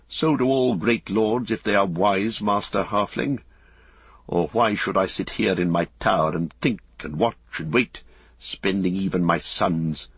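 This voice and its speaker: A man voicing a proud, bitter old male lord, speaking slowly and weightily. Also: lowish voice, a bit bright, husky, no room sound, dull audio, full character voice.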